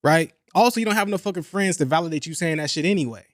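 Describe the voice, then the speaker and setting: Young male podcast host, high-pitched, animated and blunt, dry close mic. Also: quick pace, no echo. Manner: animated, profane, repeats himself for emphasis. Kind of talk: casual chat.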